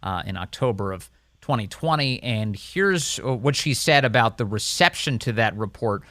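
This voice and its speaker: A man hosting talk radio, speaking conversationally and pausing with fillers. His voice is bright and forceful. The close studio mic keeps it dry. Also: medium pitch, animated, no echo. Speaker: radio talk show host.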